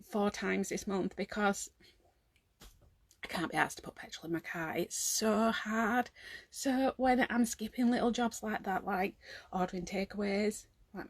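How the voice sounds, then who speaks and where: A woman's voice: medium pitch, vocal fry, no room sound. A woman in her thirties, talking tiredly and emotionally to camera at home in a rambling, heartfelt confessional vlog. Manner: rambling and heartfelt, fighting back tears at times. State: exhausted. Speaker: vlogger.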